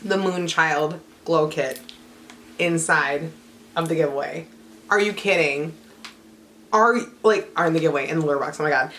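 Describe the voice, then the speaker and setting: A young woman chatting excitedly as she unboxes beauty products for her channel, gushing and exclaiming with lots of fillers. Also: sits low, normal speed, long pauses, slight background noise. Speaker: beauty vlogger.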